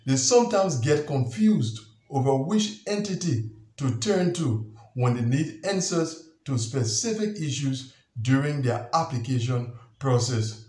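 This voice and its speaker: A man at a middle pitch explains things step by step, measured and methodical. He circles back to restate his key points. His voice sits in a noticeably echoey room. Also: darkish tone. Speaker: channel host. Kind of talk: scripted explainer talk.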